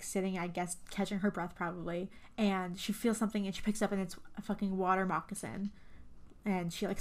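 Woman co-host, loose film recap, swears freely, filler-heavy, mid pitch. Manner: rambling, profane, lots of fillers. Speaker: podcast co-host. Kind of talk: casual horror movie recap.

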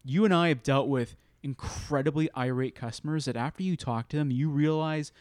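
A man's voice: on the high side, brisk, dry recording, studio quality. A man telling a work story in a casual podcast chat and acting out the dialogue as he goes. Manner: animated storyteller who acts out quoted dialogue. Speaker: podcast co-host.

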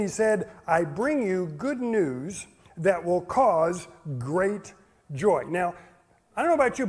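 A man preaching a sermon in a conversational way, asking the listeners questions, chuckling often and acting out little quotes. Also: darkish tone. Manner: acts out quotes in a higher playful voice. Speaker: pastor.

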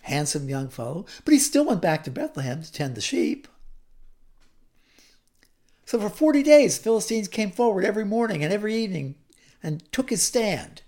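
A woman's voice: on the low side, sing-song, fairly quick, warm tone. A woman retelling a Bible story in a chatty teaching style, with asides and repeated words.

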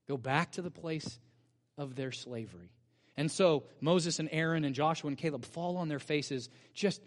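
A male pastor preaching a sermon, telling the story with energy and asking the congregation rhetorical questions. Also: a little high. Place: church sanctuary. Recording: long church-hall reverb.

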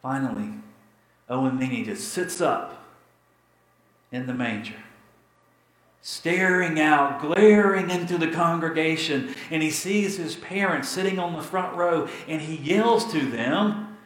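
A man pastor telling a story in a sermon, dramatic and repetitive, with emphatic pauses. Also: a little high, a bit bright, reverberant, low-quality recording.

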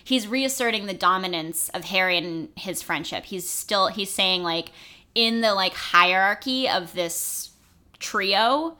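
A woman's voice: mid-range voice, pushed and bright. A woman co-hosting a podcast in casual chat, emphatic and sassy with lots of filler likes. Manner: emphatic, sassy, talks fast with many likes. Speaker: podcast co-host.

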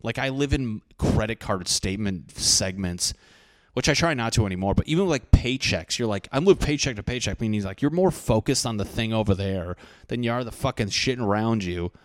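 A man's voice: fairly low pitch, expressive, normal speed, no echo, clean studio sound. A young man hosting a podcast, rambling and swearing casually as he talks to listeners. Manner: rambling, profane, self-interrupting. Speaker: podcast host.

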